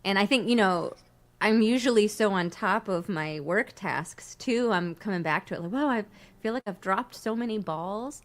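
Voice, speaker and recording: A woman's voice: mid-range voice, moderate pace. Chatty laughing woman. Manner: chatty, laughs often, animated storytelling. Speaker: host. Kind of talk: casual livestream chat.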